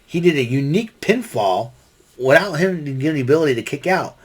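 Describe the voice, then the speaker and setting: A man's voice: on the high side, very animated, moderate pace, breathy edge. A man giving a casual solo wrestling recap, rambling with many fillers and restarts.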